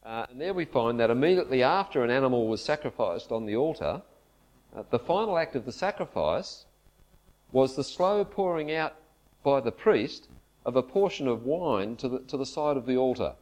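A man preaching a sermon at a church camp, earnest and measured, leaning into his scripture quotes. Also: mid-range voice, expressive, darkish tone. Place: church camp meeting hall.

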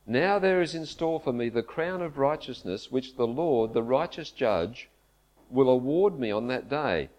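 A man delivers a sermon at a church camp in a mid-range voice. He speaks earnestly and at a measured pace, and he leans into the scripture he quotes. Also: mid-range voice, lively intonation, darkish tone. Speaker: preacher. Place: church camp meeting hall.

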